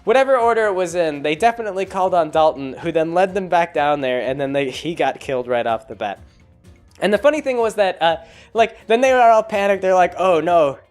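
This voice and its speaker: A man's voice: sits high, animated, fairly quick, faint music behind. A man casually recapping a tabletop game session in a rambling way, full of fillers and chuckles.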